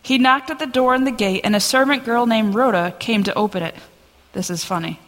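A woman pastor giving a sermon and reading scripture aloud in an earnest, steady voice, in a church sanctuary. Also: on the high side, fairly quick. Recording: long church reverb.

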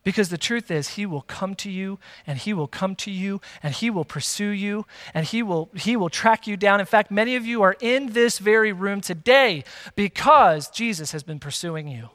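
A man preaching a sermon to a congregation, lively and emphatic, with playful asides. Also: sits high, moderate pace, few pauses. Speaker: pastor. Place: church hall with long reverb. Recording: reverberant church hall.

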